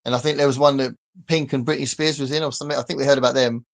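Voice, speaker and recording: Chatty British male host, casual video-call chat, mid-pitched and easygoing. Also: fairly even intonation, rapid-fire, creaky. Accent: British English. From England. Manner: chatty, laughs easily.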